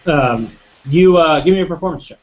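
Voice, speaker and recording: A man running a tabletop game as game master, describing scenes with many pauses and restarts. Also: a little high, highs cut off. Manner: hesitant, many ums and restarts.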